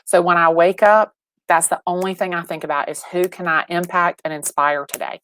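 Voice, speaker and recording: A woman in her forties, a real estate agent and guest, telling stories with lively acted-out dialogue over a video call. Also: fairly low pitch, normal speed, no room sound. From Atlanta, Georgia. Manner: animated storyteller, acts out quoted dialogue, many restarts. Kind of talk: livestream interview storytelling.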